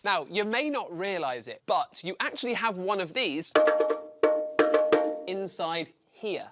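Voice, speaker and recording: A man's voice: sits high, very animated, unhurried. A man presenting a children's science lesson, explaining enthusiastically step by step. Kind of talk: scripted science lesson for kids. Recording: music playing behind the voice.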